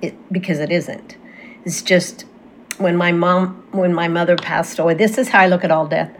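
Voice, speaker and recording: A woman's voice: lowish voice, fairly even intonation, slight background noise. A woman talking as a guest medium, telling a personal story in casual conversation with fillers and restarts. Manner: earnest, halting with fillers and restarts.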